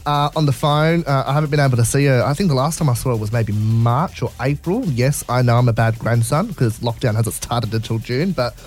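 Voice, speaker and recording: A man's voice: medium pitch, a little fast, hardly any pauses, darkish tone, soft background music. A young Australian man hosting a radio show, chatting casually and teasing his co-host in playful banter.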